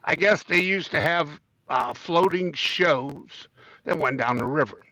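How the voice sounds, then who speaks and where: A man's voice: on the high side, a little slow, sharp tone, dry recording. A man co-hosting a casual podcast, joking around and reading topics from a list. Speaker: podcast co-host. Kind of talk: casual chat.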